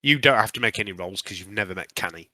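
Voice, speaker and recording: A man running a tabletop game as game master, narrating with frequent um pauses. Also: lowish voice, sharp tone, no room sound.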